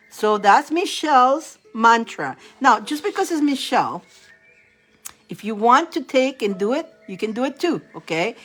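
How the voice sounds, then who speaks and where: A woman's voice: on the high side, fairly bright tone. A woman reading tarot cards on a live stream, chatty and encouraging. She laughs often and repeats mantras aloud. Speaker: tarot card reader.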